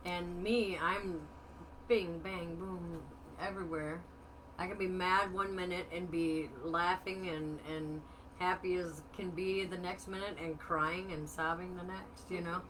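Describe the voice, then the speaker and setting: A middle-aged woman hosts a casual chat in a fairly low voice with a bright, forceful edge. She talks bluntly, teases herself and swears freely. She keeps the talk loose and informal. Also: fairly even intonation, unhurried, distant mic, a little hiss or hum. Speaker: host, life coach.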